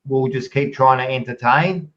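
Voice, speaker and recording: An Australian man hosting a fan podcast, rambling and excitable as he signs off the live stream and swears freely. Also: mid-range voice, normal speed, far from the mic, highs cut off. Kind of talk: casual live-stream sign-off.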